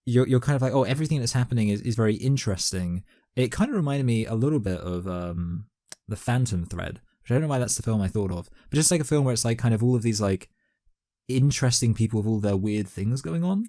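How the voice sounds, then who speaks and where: A man's voice: mid-range voice, animated, fast, warm tone, no echo, studio quality. A man co-hosting a casual movie podcast, hesitant and full of "like" and "um", with crude jokes. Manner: crude humor, hesitant, lots of fillers and "like". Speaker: podcast co-host. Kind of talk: casual comedic chat.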